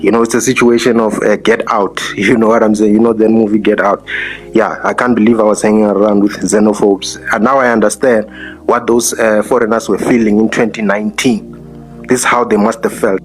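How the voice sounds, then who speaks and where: A man's voice: lowish voice, flat delivery, fairly quick, soft background music. A man on a live-stream panel debate, earnest and hesitant, with many fillers, talking into his phone. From South Africa.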